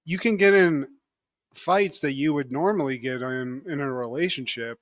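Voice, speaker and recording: A man's voice: medium pitch, normal speed, dry recording. A man co-hosting a podcast, chatting casually and playfully acting out comedy sketch lines. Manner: animated, jokey, acts out sketch lines. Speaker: podcast co-host.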